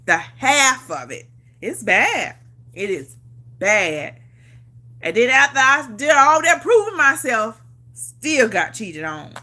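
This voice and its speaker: A woman chatting on her vlog in a bright, forceful, fairly high voice. She is emphatic and repetitive, swears freely and laughs often as she tells her own story. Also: big pitch swings, slow. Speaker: vlogger on a livestream. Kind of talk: casual storytelling chat.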